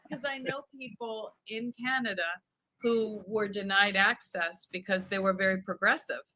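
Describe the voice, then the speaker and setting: A woman's voice: mid-range voice, steady tone, moderate pace, bright, forceful tone, dry recording, poor audio. A woman, a guest on a livestream, telling a travel story in a chatty way over a video call. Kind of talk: casual livestream chat.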